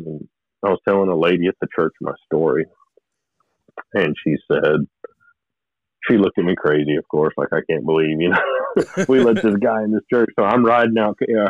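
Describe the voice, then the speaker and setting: A man telling his own story as an interview guest, rambling and halting in an earnest, confessional way. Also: deep voice, dry recording. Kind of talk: personal testimony in conversation. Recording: narrow phone-like line, dry.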